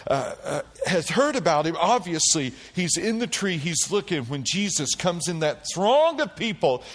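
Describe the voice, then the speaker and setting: A man preaching a sermon, calling out to the congregation and swinging between quiet low passages and loud high bursts. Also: moderate pace, in a large hall. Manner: animated preaching with call-and-response. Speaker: pastor.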